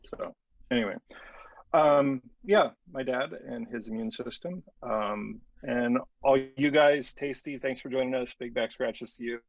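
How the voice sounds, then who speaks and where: A man's voice: medium pitch, measured pace, vocal fry, dry recording. A man co-hosting a podcast, talking in a loose, plain-spoken way. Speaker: podcast co-host. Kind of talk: casual chat. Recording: dry, dull lo-fi podcast mic.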